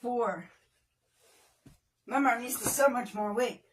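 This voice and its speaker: A woman's voice: a little high, measured pace, distant mic, slight background noise. A woman hosting a live workout, chatting and joking with viewers while counting reps aloud and working through the exercises. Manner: breaks into playful off-key singing. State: exercising, at times strained. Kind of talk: casual livestream workout chat.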